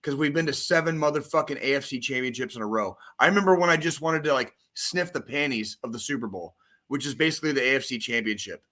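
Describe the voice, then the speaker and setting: Swearing, excitable male podcast co-host. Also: medium pitch, fast. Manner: profane, excitable, rambling sports-fan rant. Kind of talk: casual chat.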